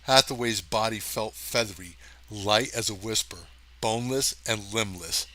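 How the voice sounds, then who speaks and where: A man narrating a science fiction story aloud with lively drama, now and then turning to chat casually with his listeners. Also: fairly low pitch, moderate pace, a little hiss or hum. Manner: lively, chatty, talks to listeners directly. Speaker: audiobook reader.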